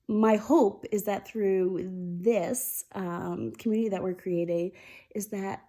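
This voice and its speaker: Slow, steady and mellow, a woman with a mid-range voice hosts a weekly mindfulness talk. In a casual, heartfelt chat to camera she speaks candidly and confidingly, opening up about her feelings.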